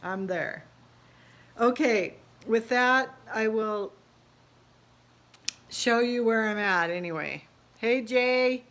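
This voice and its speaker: Woman, middle-aged, tired, rambling, slow and fairly high voice, phone camera in a house under renovation. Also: fairly bright tone. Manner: rambling, laughs often, exasperated asides. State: tired and burnt out. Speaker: realtor remodeling her own house. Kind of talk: casual home-remodel vlog. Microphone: phone camera held by speaker.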